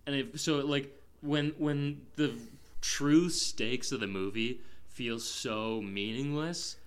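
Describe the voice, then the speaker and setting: A man's voice: mid-range voice, slow, smooth. A man co-hosting a film review podcast, talking casually. He rambles and restarts, stringing thoughts together with frequent fillers. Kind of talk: casual chat.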